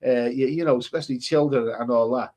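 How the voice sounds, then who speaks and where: A man's voice: mid-range voice, fast talker, darkish tone. A man with a cold, rambling casually as a travel vlogger reading out viewer comments, with many restarts. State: stuffy with a cold. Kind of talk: casual live-stream chat.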